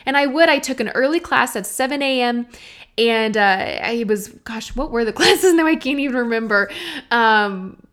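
A young woman from Texas talks through her solo podcast. She sounds chatty and earnest, speaking straight to her listeners in a voice that sits a little high. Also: animated, normal speed, clear, resonant tone. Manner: warm, chatty and earnest, addressing listeners directly. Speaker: podcast host. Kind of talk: casual solo podcast talk.

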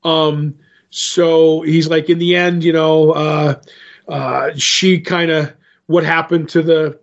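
A man's voice: on the high side, little pitch movement, takes it slowly. A man co-hosting a podcast, casually retelling a comic book story in a rambling way and voicing the quotes with "he's like". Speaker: podcast co-host. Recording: dull lo-fi podcast audio.

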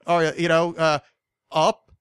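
A man's voice: a little high, monotone, slow pace, fairly bright tone, clean tone, no echo, studio quality. A man in his thirties hosting a podcast, telling a long rambling story full of swearing. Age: 30s. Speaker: podcast host. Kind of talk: casual chat.

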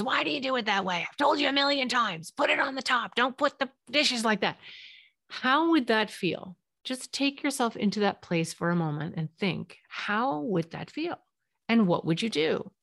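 A child and family therapist hosts a solo parenting podcast in a lowish, creaky voice, recorded with clean studio sound and no room echo. She speaks earnestly and conversationally, at times acting out short quotes.

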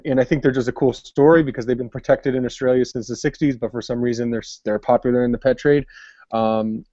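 A man's voice: mid-range voice, dark tone, no room sound. A man co-hosting a podcast, joking and rambling, in a dull, muffled recording. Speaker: podcast co-host. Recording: dry, dull podcast audio.

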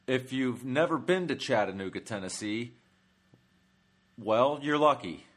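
Male comedian host, rambling and profane, mid-pitched, loose and chatty. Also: lively intonation, measured pace, a bit bright. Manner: rambling, profane, many fillers. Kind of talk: comic travel monologue.

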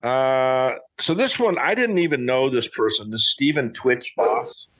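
A man's voice: medium pitch, animated, measured pace, fairly bright tone. A middle-aged man talking in a casual, rambling, folksy way with frequent restarts. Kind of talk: casual chat.

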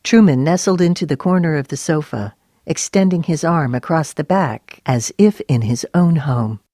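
Female narrator, low voice, even storybook reading, dry close sound. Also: normal speed, dry recording. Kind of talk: scripted narration.

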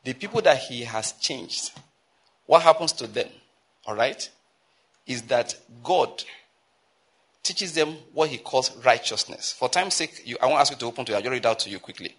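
A Nigerian man preaching from the pulpit, his voice husky and a touch breathy. He drives his points home emphatically, climbing into urgent appeals and then stretching out key phrases slowly for weight. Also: medium pitch, animated, a bit bright. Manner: emphatic preaching, rising to urgent exhortation and slowing to stress phrases. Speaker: pastor. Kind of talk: sermon.

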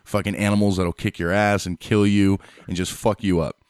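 A man's voice: sits low, level tone, moderate pace, darkish tone, clean tone, dry recording. A man hosting a podcast, talking casually in a blunt, rambling way with plenty of swearing. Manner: blunt, profane, rambling with fillers. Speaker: podcast host. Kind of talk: casual chat.

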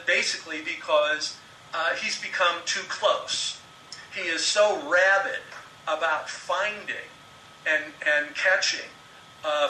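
A man with a very bright, sharp-edged voice, talking a little high for a man. He is recorded from some distance in an echoey room with faint background noise. He spins film anecdotes in a steady conversational flow. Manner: storytelling, retells anecdotes with quoted dialogue.

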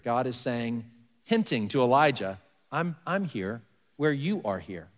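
Speaking a little slowly with lively intonation, a pastor with a mid-range voice gives a conversational sermon. He leans into key words and asks his congregation rhetorical questions, all echoing with the long reverb of a large church sanctuary.

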